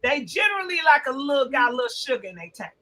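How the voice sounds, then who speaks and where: Woman podcast cohost going off, high bright voice, swears a lot and hits words hard. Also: sing-song, fast, low-quality recording. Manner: blunt, profane, emphatic ranting. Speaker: podcast co-host. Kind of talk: casual heated chat.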